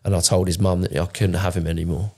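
A man's voice: low voice, level tone, fast talker, dark tone. A man, telling his own story in a candid, emotional podcast chat, swearing often and restarting his sentences. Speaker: podcast co-host.

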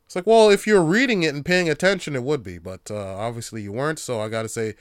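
A man's voice: medium pitch, fast, smooth, dry recording, studio quality. A man hosting a podcast on his own, ranting in a casual, profane, rambling way that often turns heated. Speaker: podcast host. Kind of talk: casual solo podcast rant.

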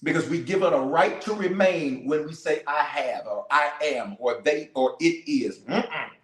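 Bishop, middle-aged man, slightly high voice, declarative preaching with congregation call-outs, roomy echo. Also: a little slow. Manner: declarative, call-and-response, loose and colloquial. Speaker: bishop leading online prayer. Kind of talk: live-streamed sermon and prayer.

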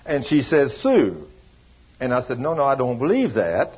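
A man's voice: medium pitch, huge pitch swings, normal speed, husky, lo-fi sound. A man preaching a sermon, telling a story and acting out the voices of the people in it, in a folksy, down-home way. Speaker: pastor.

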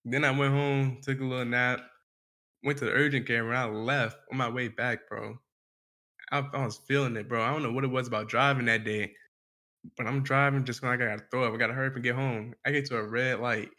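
A man co-hosting a podcast, spinning a laid-back story in slang-heavy casual chat. His voice is bright and forceful, with a medium pitch. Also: fairly even intonation, a little fast. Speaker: podcast co-host.

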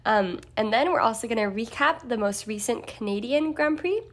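A woman's voice: on the high side, animated, normal speed. A young woman co-hosting a casual podcast, upbeat and giggly as she runs through lists and recaps. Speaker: podcast co-host.

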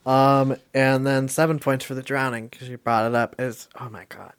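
A man hosting a casual podcast, animated, laughing often and swearing freely. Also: mid-range voice, normal speed, clean tone. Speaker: podcast host.

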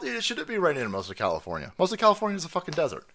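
A man's voice: fairly high pitch, wildly swooping pitch, very fast, hardly any pauses, bright, forceful tone. A man hosting a stream, ranting with heavy swearing and sarcastic mockery of the clips he plays. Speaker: streamer host. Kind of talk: profane political rant stream. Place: California.

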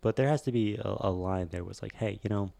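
A man's voice: on the low side, fast talker, vocal fry, mellow, no echo. A man co-hosting a casual chat podcast, rambling and hesitant with many restarts. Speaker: podcast co-host.

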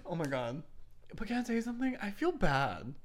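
A woman's voice: fairly low pitch, very animated, a little fast. A young woman co-hosting a casual chat show, chatty, laughing often and filling her talk with "like". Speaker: podcast co-host.

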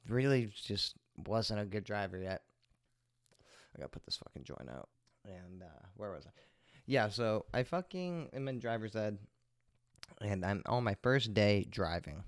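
A man's voice: on the low side, clean tone, no room sound. A man hosting a podcast, telling a rambling, profane story in a laid-back way into a close microphone. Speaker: podcast host. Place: at home, smoking while recording. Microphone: close desk microphone.

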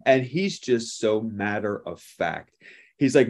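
Low-voiced male pastor telling stories. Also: lively intonation, slow. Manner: storytelling with laughter, acting out voices. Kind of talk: sermon.

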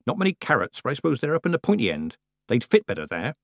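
A man's voice: mid-range voice, wildly swooping pitch, quick pace, no echo, studio quality, pitched above the performer's own voice. A man voicing a cheerful, earthy old witch woman who chats in a jolly, bawdy way.

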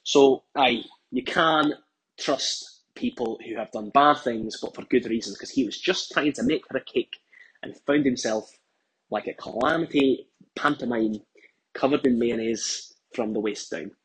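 A rough, raspy man with a lilt spins a rambling, animated comic tale. He jumps in and out of the voices of the people he describes, at an average pitch for a man. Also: unhurried, low-quality recording. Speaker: contestant. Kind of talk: comedic storytelling.

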